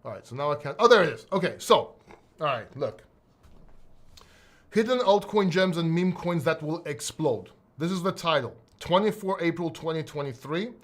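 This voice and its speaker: A man's voice: on the high side, animated, moderate pace. Blunt, cursing Greek-born man. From Greece. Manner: blunt, swears freely, rambles and restarts. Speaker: crypto YouTuber. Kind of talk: casual solo video talk.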